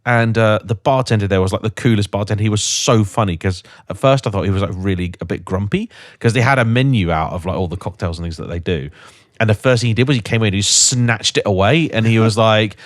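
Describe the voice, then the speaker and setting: A man hosting a casual podcast chat, telling lively anecdotes about cars and travel. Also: fairly low pitch, fast talker, no room sound, clean studio sound. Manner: chatty storyteller, lively anecdotes. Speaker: podcast host.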